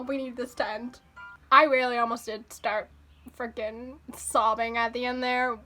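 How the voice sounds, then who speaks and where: A young woman vlogs her first reaction to an album, chatting casually and getting openly emotional, gushing and exclaiming between thoughts. Her voice is on the high side and sharp, unhurried, with little pitch movement. Music plays behind her.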